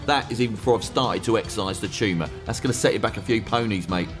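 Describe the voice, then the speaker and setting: Stand-up man, wry and measured, faint music behind. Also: on the low side, a bit bright. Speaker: stand-up comedian. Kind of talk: stand-up routine.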